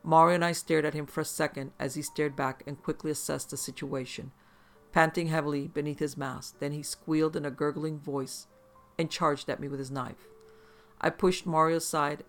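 A man's voice: a little high, a bit bright. A man narrating a first-person horror story in an intense, profane, vivid way.

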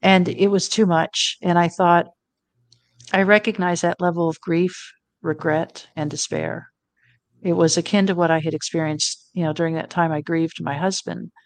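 A woman's voice: fairly low pitch, steady tone, normal speed, no room sound. A middle-aged woman telling a personal story as an interview guest, earnest and reflective. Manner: earnest, reflective, quotes her own thoughts.

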